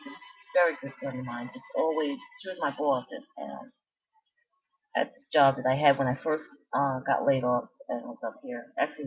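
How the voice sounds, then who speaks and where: A low-voiced woman talks casually to her viewers and drifts from one aside to the next. Her voice is husky. The recording sounds dull and lo-fi. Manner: meandering storytelling with many asides and restarts. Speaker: vlogger. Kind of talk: casual rambling chat.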